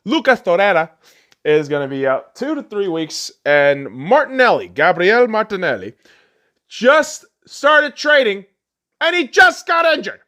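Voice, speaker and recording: A young man hosting a podcast, delivering a profane sports rant that swings between shouting and low muttering. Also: sing-song, unhurried. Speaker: podcast host.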